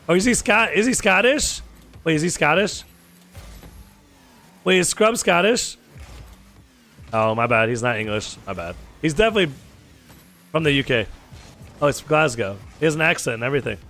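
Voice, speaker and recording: An American man streaming a game and chatting casually with his viewers, joking, teasing and firing off quick questions. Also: a little high, very animated, pushed and bright, soft background music. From United States. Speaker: gaming streamer.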